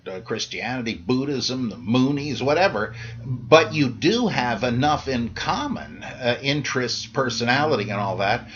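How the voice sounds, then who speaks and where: A man's voice: mid-range voice, a bit bright, slightly rough, muffled recording. A middle-aged man hosting a podcast, answering listener questions in a casual, digressive monologue full of fillers and restarts.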